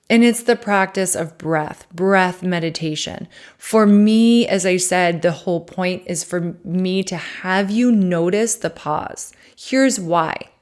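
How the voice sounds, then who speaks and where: A woman podcast host and life coach leading a guided breathing meditation, calm and counting breaths aloud. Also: fairly low pitch.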